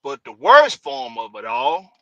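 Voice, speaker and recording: A man's voice: mid-range voice, huge pitch swings, a little slow, a bit bright, dry recording, lo-fi sound. A man hosting a casual sports livestream, hyped and drawling, repeating his phrases. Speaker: host. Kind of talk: casual livestream show opening.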